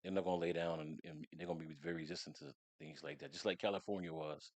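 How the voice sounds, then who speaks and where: Very deep male guest coach, earnest and plainspoken, dry sound. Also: steady tone, quick pace, no room sound. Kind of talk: casual podcast conversation.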